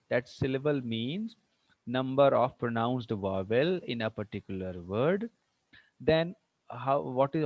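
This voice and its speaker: This English teacher's mid-range voice comes through a dull, dry lo-fi recording as he lectures on word stress. He keeps asking if the class is keeping up, and he circles back, repeating and restarting phrases to drive points home.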